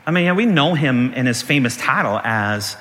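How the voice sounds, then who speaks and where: A middle-aged man, a pastor, preaching a sermon with animated storytelling, laughing through his stories and jumping high in pitch when he acts out panic. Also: normal speed, big-room sound. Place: church.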